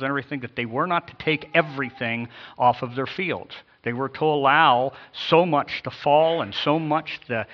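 Man, pastor, emphatic sermon, repeats phrases, dull lo-fi recording. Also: medium pitch. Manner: emphatic, repeats key phrases, reads scripture with inflection.

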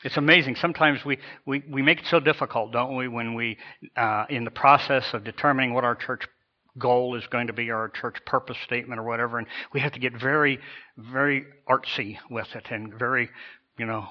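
Male pastor, sermon, chatty delivery, bright tone, somewhat muffled recording. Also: mid-range voice, normal speed. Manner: conversational preaching with frequent asides and repetitions.

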